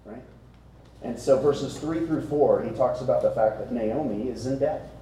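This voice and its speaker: A man preaching a sermon to a congregation, conversational and animated, often asking the room rhetorical questions. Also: mid-range voice, moderate pace, a little hiss or hum. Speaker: pastor. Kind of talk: expository sermon. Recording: very echoey room, speaker distant from mic.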